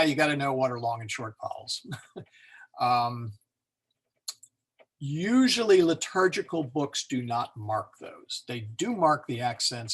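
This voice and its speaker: A man's voice: mid-range voice, fairly bright tone. Rambling man teaching a Latin class. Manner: rambling, self-correcting, chuckles at himself. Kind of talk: online class lecture.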